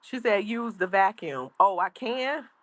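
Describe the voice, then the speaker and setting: A woman's voice: mid-range voice, lively intonation, unhurried, fairly bright tone, no echo. A grandmother streaming casually from home, chatting and reading her chat aloud. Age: older. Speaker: livestream host. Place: outdoors at home.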